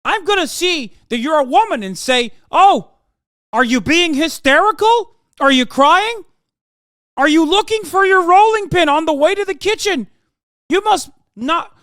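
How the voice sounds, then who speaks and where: A man putting on a whiny, shrill parody of a middle-aged male pundit, squealing and on the verge of tears. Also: lively intonation, a little slow, sharp tone, dry recording, clean studio sound, full character voice. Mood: mocking, sneering. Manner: squealing, overwrought mock-tearful delivery.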